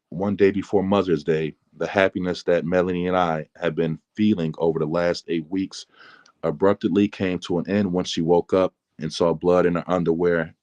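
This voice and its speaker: Deep-voiced man reading his memoir. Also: no room sound. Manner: calm, measured reading. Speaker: author reading his book.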